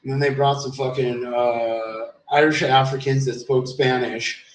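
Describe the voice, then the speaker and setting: A man's voice: medium pitch, fairly even intonation, a little slow, far from the mic, a little hiss or hum. A man streaming alone, telling a long rambling story, swearing often and restarting his sentences. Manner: rambling, profane, many fillers and restarts. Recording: roomy sound, off the mic.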